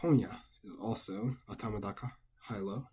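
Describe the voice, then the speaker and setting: A man casually and methodically explaining Japanese pitch accent word by word as a language teacher. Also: moderate pace, dark tone, slightly rough.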